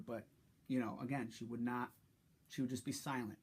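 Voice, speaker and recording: Man, vlog confessional, husky tone, halting and frustrated delivery. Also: mid-range voice, fairly even intonation. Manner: halting and frustrated, many restarts. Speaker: vlogger. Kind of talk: personal story.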